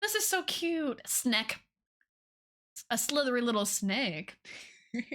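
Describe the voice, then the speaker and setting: A woman's voice: measured pace, pauses often. A young woman, chatting casually with viewers on a live stream, bubbly and gushing. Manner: bubbly, gushing, swoops up high when excited.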